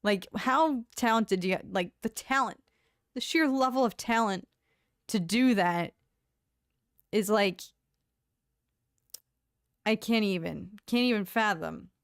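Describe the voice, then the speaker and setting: A woman's voice: medium pitch, slow pace, long pauses, no room sound, clean studio sound. Bubbly, chatty woman streamer. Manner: chatty, bubbly, laughs often, hums filler tunes. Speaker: livestream host. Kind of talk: casual chat reading live comments.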